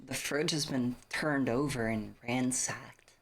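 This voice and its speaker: Speaking slowly in a slightly rough, medium-pitched voice, a streamer game-masters a tabletop horror game. The narration is casual and full of swearing, with stops to thank viewers.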